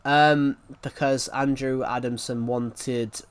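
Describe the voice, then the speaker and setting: A man with a mid-range voice chats casually while he plays. He rambles, circles back and corrects himself mid-sentence, like a relaxed gaming channel host. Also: mid-range voice, slow pace, clear, resonant tone. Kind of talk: casual gameplay commentary.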